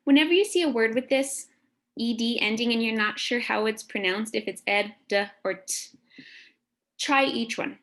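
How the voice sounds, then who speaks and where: A woman teacher giving a phonics lesson to children, speaking slowly and over-articulating each sound. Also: fairly high pitch, fairly bright tone.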